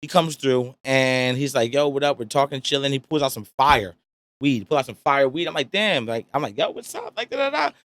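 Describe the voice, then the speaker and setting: A man's voice: mid-range voice, animated, a little fast, fairly bright tone. A young man, a podcast guest chatting casually in a laid-back, slangy, rambling way. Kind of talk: casual chat. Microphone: studio podcast mic.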